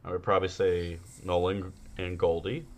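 A man's voice: low-pitched, flat delivery, moderate pace. A man co-hosting a podcast, chatting crudely and rambling with many fillers. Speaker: podcast co-host. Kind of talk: casual comedic chat.

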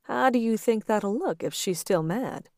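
A woman's voice: mid-range voice, animated, unhurried, darkish tone, dry recording, clean studio sound, pitched above the performer's own voice. A woman reading the part of a bold married man who coaxes and teases his partner in an audiobook. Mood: coaxing.

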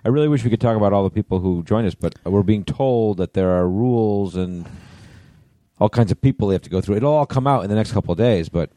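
A man co-hosting a podcast in casual chat, teasing his partner and quick to laugh. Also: lowish voice, warm tone, dry recording. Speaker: podcast co-host.

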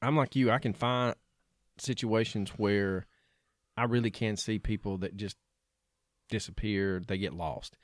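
A man's voice: on the low side, steady tone, measured pace, long pauses, dry recording, studio quality. A man co-hosting a podcast in casual chat, a joking storyteller with folksy slang. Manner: chatty storyteller, joking, Southern-flavored slang. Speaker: podcast co-host.

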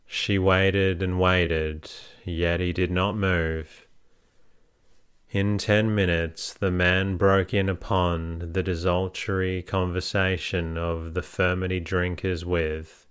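A man reading a classic novel aloud as a calm bedtime story, keeping the quoted lines close to his own voice. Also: low voice, takes it slowly, clear, resonant tone. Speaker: sleep story narrator. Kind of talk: slow scripted narration.

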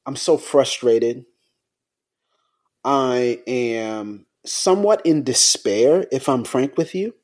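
Man, podcast co-host, casual talk, middle pitch, emotional, halting restarts. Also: darkish tone.

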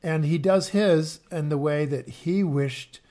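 A man's voice: fairly high pitch, slow pace, mellow. A man co-hosting an investing podcast in casual chat, often repeating words and using fillers as he explains. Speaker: podcast co-host.

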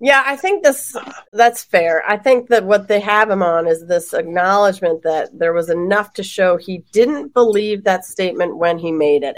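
A woman law professor on a podcast panel, talking in animated quick bursts and often laughing. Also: mid-range voice. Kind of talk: podcast roundtable discussion.

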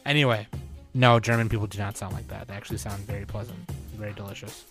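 A man's voice: fairly low pitch, fairly even intonation, fast, over music. A man hosting a podcast in casual chat, loose and joking, full of "like" and "dude" fillers. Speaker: podcast host.

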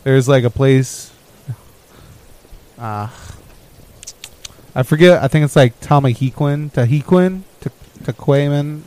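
A young adult man telling a story in casual podcast chat, rambling and laughing as he talks, with his phrase ends often trailing off quietly. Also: medium pitch, slow pace, long pauses, poor audio. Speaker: podcast co-host.

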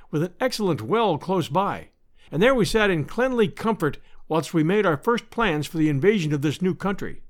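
A man narrating a classic adventure story in the first person, with expressive, measured storytelling. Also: high voice. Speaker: audiobook narrator. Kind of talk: scripted narration.

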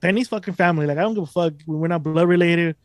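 Fast-talking, high-voiced profane man. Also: dry recording, studio quality. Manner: profane, rambling, emphatic. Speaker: podcast host. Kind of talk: casual podcast chat.

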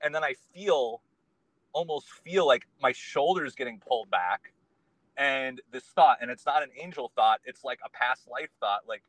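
A man's voice: medium pitch, unhurried, a bit bright, dry recording, low-quality recording. A man, a guest on a podcast, talking in a casual conversation and telling his story in an earnest, meandering way.

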